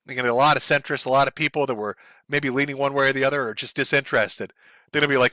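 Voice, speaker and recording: A man's voice: on the high side, fast talker, bright, forceful tone, no room sound. Heated, profane man ranting on stream. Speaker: streamer host. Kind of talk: ranting livestream commentary.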